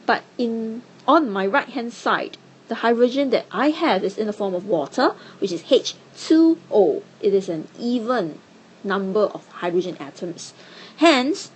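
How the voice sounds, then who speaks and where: A woman's voice: mid-range voice, slightly rough. A woman teaching chemistry, explaining step by step in a patient, encouraging way. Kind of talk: classroom lesson.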